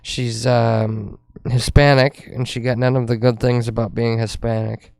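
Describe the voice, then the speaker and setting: Snarky guy roasting a clip, gravelly, dry close sound. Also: mid-range voice, little pitch movement, measured pace, darkish tone, no echo. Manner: snide, insulting, mocking. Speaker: reviewer. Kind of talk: sarcastic commentary.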